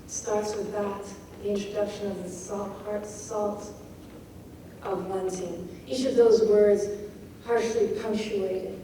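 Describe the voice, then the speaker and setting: Woman poet teaching craft, unhurried, heard from far off in a roomy hall. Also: medium pitch, fairly even intonation, warm tone, a little hiss or hum. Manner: slow, reads lines aloud and dwells on their sounds. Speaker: poet giving a craft talk. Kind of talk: lecture on poetry craft. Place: lecture hall.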